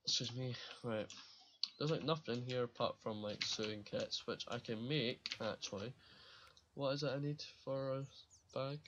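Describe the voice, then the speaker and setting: A man's voice: mid-range voice, moderate pace, fairly bright tone, lo-fi sound, slight background noise. A man giving casual commentary while playing a survival game, rambling and swearing freely and laughing at his own slips. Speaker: gaming channel host.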